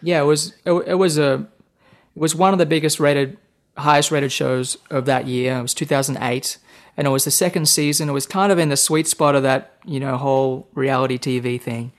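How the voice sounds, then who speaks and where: An Australian man in his thirties talks as an interview guest, telling long anecdotes. He rambles and repeats words as he goes, animated and casual. His pitch sits in the middle for a man. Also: fairly quick. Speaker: guest musician.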